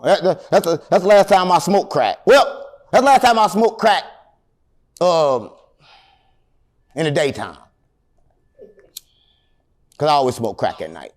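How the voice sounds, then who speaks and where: A middle-aged man, telling long rambling stories with deadpan jokes as an interview guest. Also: fairly high pitch, a little slow, long pauses. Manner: animated, rambling, deadpan joking. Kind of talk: rambling storytelling in casual interview.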